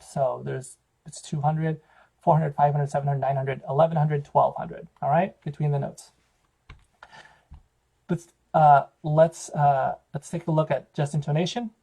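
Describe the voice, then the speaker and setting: Choir director type, man, gravelly mellow voice, patient explainer, lecture delivery. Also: fairly high pitch, low-quality recording. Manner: explanatory, counts out intervals, frequent fillers. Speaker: choral director giving a lecture. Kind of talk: music theory lecture.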